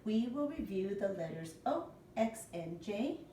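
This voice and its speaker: A woman's voice: medium pitch, very animated, measured pace, dark tone, a little hiss or hum. A woman teacher giving a morning lesson to young children, patient and spelling words out letter by letter. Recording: echoey room, mic at a distance.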